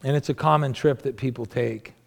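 A man preaching as a pastor, talking to the congregation in a conversational way and asking many rhetorical questions, moving between emphatic raised passages and low, quiet asides. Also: steady tone, a little fast, vocal fry. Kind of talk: sermon.

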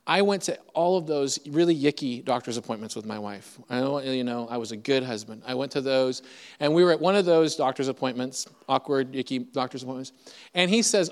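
A middle-aged preacher spins a personal story with a chatty, self-deprecating humor, his voice sitting a bit high for a man. The sound rings with a long hall reverb. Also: fairly quick, clear, resonant tone. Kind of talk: storytelling sermon.

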